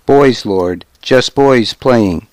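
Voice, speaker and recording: A man's voice: mid-range voice, very slow, darkish tone, no echo. A man voicing a humble, nervous male pelt trader who speaks deferentially in an audiobook. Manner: deferential, keeps saying lord.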